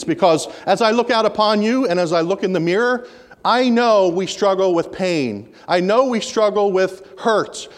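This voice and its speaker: A man preaching a sermon in a church, earnest and repeating key phrases for emphasis. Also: high voice. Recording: reverberant hall.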